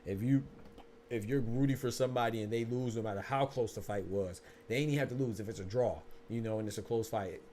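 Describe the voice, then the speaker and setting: A man's voice: lowish voice, fast talker, dark tone, a little hiss or hum. A man hosting a boxing podcast in casual, slangy livestream talk, speaking to viewers in chat.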